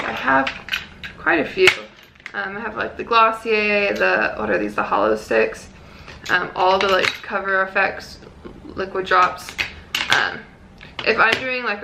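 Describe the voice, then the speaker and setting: A woman's voice: medium pitch, gravelly, background noise. A young woman chatting casually through a makeup tutorial, full of "like"s and "um"s. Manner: chatty, many "like"s and "um"s, self-deprecating. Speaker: beauty vlogger.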